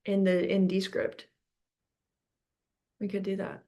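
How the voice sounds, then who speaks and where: A woman hosting a podcast as a relationship coach, chatting casually and laughing often and loudly. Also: medium pitch, monotone, slow.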